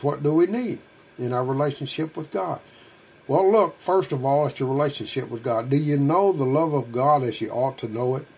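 Earnest husky-voiced male preacher. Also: a little high. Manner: earnest, pleading, rhetorical questions. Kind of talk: sermon.

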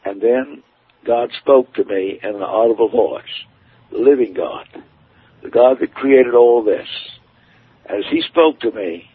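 A man's voice: mid-range voice, a little slow, husky, no echo. A man preaching his testimony in an earnest, emphatic storytelling manner. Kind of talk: testimony sermon. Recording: tinny phone-like radio broadcast.

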